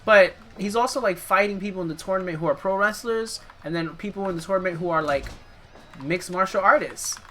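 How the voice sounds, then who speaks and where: While streaming a wrestling video game, a woman thinks aloud in casual, amused gameplay commentary. Her voice is medium-pitched, a bit bright, and fairly quick, with slight background noise in the recording.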